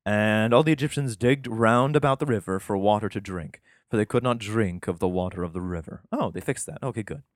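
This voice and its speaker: Brief: low-voiced man, irreverent scripture commentary, sarcastic asides, dry close sound. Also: no echo. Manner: profane, rambling, sarcastic asides; slow emphatic reading of scripture passages. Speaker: podcaster reading and commenting on scripture.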